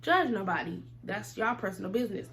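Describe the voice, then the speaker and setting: Bright-voiced woman telling a storytime. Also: medium pitch, brisk, creaky. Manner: animated, slangy, acts out both sides of the dialogue. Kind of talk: casual storytime vlog.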